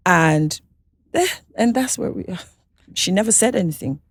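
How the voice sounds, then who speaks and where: A woman's voice: medium pitch, expressive, no echo. A Nigerian woman, a singer and interview guest, recounting her life candidly, with frequent restarts and check-ins with her listener. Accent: Nigerian English. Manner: halting, restarts often, checks in with "you understand?".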